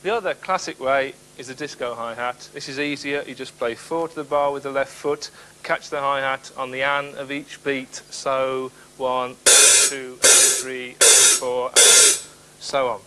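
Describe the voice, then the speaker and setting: A man teaching drums, explaining clearly step by step and counting out beats. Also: mid-range voice, normal speed, background noise. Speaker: drum instructor. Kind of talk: instructional demonstration.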